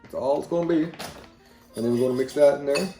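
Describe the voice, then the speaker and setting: A man's voice: on the high side, fairly quick, echoey room, over music. Folksy Southern man demoing a recipe. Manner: folksy plain-talking, rambling asides. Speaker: home cooking video host. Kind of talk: casual cooking demonstration.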